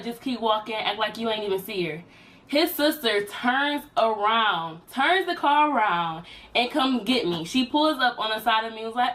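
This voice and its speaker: A woman's voice: distant mic, low-quality recording. Chatty young woman telling a story. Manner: chatty, animated storytelling with high-pitched quoted voices. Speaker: vlogger. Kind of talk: casual storytime vlog.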